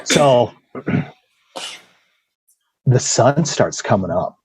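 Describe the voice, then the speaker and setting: A man's voice: mid-range voice, expressive, drawn-out words, a little mellow, breathy edge, no echo. A man who is a podcast guest, recounting a personal ordeal in casual, blunt, profane storytelling full of "you know" and "like".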